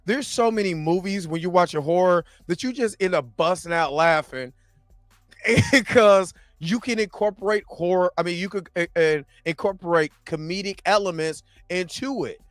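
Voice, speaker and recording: A man's voice: sits high, normal speed, no room sound, clean studio sound. A man co-hosting a podcast, talking in a laid-back, rambling way with lots of fillers. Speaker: podcast co-host. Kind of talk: casual chat.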